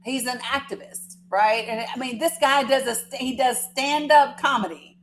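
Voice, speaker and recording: A woman's voice: high-pitched, normal speed, slight background noise, rough recording. A woman hosting a livestream, telling a story in a rambling, chatty way and teasing her viewers, with the odd swear word. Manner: casual swearing. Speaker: livestream host. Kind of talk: casual storytelling to a live chat.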